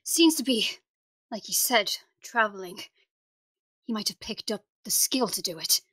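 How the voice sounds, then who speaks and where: A woman's voice: medium pitch, unhurried, fairly bright tone. A woman voicing a grieving character who accuses the doctor, in an amateur online audio drama, emotional and pointed. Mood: bitter.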